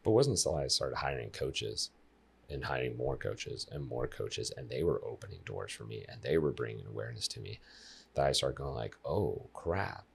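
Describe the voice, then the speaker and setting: A man in his thirties, a life coach guest on a podcast, telling stories in a lively, casual way and talking straight to the listeners. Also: very deep voice, moderate pace, creaky, husky. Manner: animated storyteller who addresses listeners directly.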